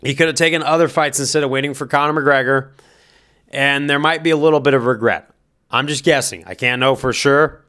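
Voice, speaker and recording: A man's voice: medium pitch, fairly even intonation, fairly quick, bright, forceful tone. A man giving casual spoken fight commentary, thinking aloud and hedging his guesses, then giving direct advice.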